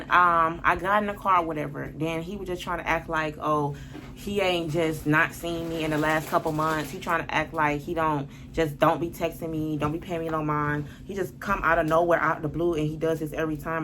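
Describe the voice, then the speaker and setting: A woman's voice: low-pitched, steady tone, a little fast, a bit bright, a little hiss or hum. A woman telling a personal story on her vlog in a blunt, profane, worked-up way. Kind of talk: casual storytime monologue.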